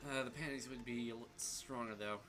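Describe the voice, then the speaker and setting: A man's voice: medium pitch, steady tone, fast, noisy background. A young man streaming a story game, thinking aloud as he reads and picks choices. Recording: soft game music behind.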